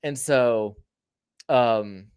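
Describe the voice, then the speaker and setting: A man's voice: medium pitch, very slow, a little mellow, smooth. Male podcast host, casual storyteller, profane and rambling, lots of restarts.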